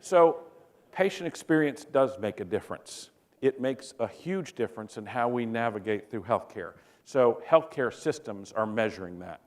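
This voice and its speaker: A man's voice: medium pitch, animated, normal speed. Joking man giving a conference talk. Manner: joking storyteller who questions the audience. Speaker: physician speaker.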